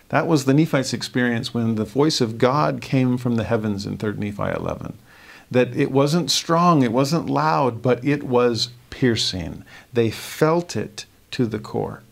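A man teaching a scripture lesson, earnest, reading verses slowly and softly. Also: medium pitch, vocal fry.

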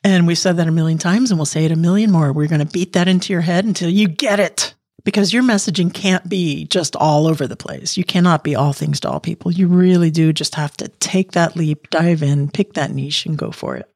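A woman's voice: on the low side, a little fast, no room sound. Chatty woman podcast host, close and dry. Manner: chatty, energetic, laughs often. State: losing her voice. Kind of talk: casual podcast monologue.

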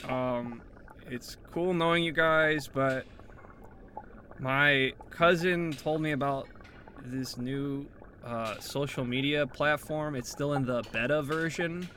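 A man improvising a comedy scene, animated and often breaking into laughter. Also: medium pitch, slow, a little hiss or hum.

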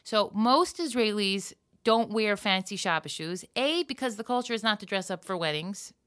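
Woman podcast co-host, opinionated, laying things out, bright tense tone. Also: medium pitch, expressive, moderate pace. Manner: explanatory, opinionated. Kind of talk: casual chat.

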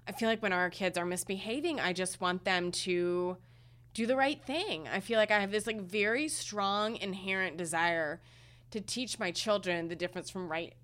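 A woman in her thirties co-hosting a parenting podcast, talking in a halting, emotional way with many fillers, close to tears. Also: medium pitch, a bit bright. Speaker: podcast co-host. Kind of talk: casual podcast chat.

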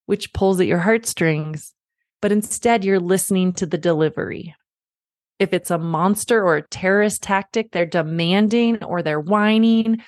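A woman's voice: medium pitch, no room sound, studio quality. A woman in her thirties hosting a parenting podcast, coaching parents in an earnest, encouraging way and repeating key phrases.

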